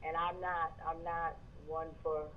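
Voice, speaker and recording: A man's voice: fairly high pitch, little pitch movement, a little slow, narrow, tinny audio, a little hiss or hum. A man from Georgia with a Southern accent, calling into a show and chatting in a friendly, rambling way. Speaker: caller. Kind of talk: phone-in conversation.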